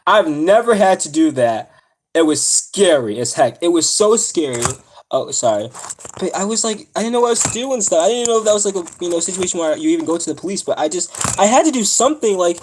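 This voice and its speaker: A man's voice: sits high, expressive, fast, a little hiss or hum. A young man on a live stream telling a personal story, upset and close to tears, rambling with many fillers and restarts. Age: young adult. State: near tears.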